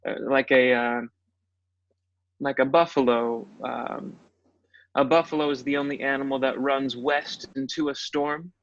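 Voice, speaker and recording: A man's voice: medium pitch, steady tone, unhurried, no echo. A man who is an actor, telling stories in a reflective way as a guest in a casual interview. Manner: reflective storytelling. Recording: dull, dry audio.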